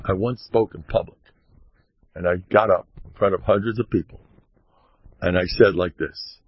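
A man's voice: low voice, moderate pace, dry recording. A man giving an informal Torah talk as a rabbi, mock-boasting with wry sarcasm, rambling through asides and sprinkling in Hebrew and Yiddish terms. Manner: rambling, self-interrupting asides. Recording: dull lo-fi recording.

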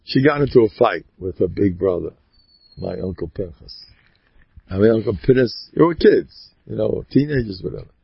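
A man's voice: normal speed, gravelly, husky, dry recording, muffled recording. A man giving a folksy religious storytelling talk, mixing in Yiddish and Hebrew words and acting out the people in his stories. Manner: animated, acts out voices with big pitch jumps.

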